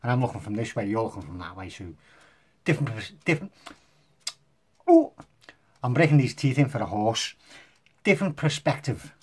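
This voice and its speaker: A man's voice: mid-range voice, lively intonation, normal speed, long pauses, husky. A man casually demonstrating magic tricks to the camera, joking and poking fun at himself as he rambles. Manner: jokey, self-mocking, rambling.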